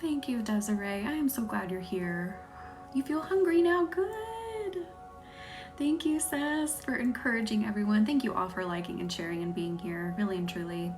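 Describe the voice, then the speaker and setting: A woman with a light Southern lilt leads a live healing session. She talks to her viewers in a soft voice that often sinks to a whisper, and she laughs easily. Faint music plays behind her. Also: mid-range voice, a little fast, few pauses. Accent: light Southern American. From American South. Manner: chatty, laughs easily, thanks viewers by name. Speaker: Reiki practitioner hosting a live stream. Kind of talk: live-stream chat with viewers during a Reiki session. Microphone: phone or webcam on a live stream.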